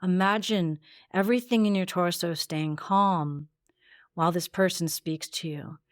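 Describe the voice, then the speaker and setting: Calm, low-voiced woman coaching a voice exercise. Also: dry recording, studio quality. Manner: calm, measured coaching instructions. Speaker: voice coach and podcast host. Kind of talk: guided voice exercise.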